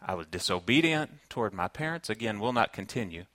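A Southern man preaches in an earnest, conversational manner, with a bright, forceful tone. His voice sounds close and dry, with no room echo. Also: on the low side, expressive, brisk. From Kentucky, United States. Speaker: pastor. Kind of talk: sermon.

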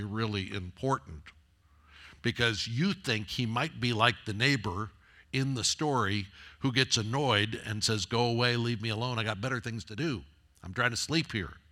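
Bright-voiced male preacher. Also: mid-range voice. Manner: conversational preaching, rising to emphatic repetition. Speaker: pastor. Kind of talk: sermon.

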